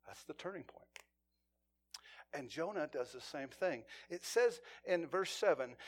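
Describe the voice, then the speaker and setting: A man preaches a sermon in an earnest, storytelling manner. His voice is high and very lively in pitch. He drops to a near hush and then climbs back to an intense pitch. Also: moderate pace, slightly rough. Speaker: pastor.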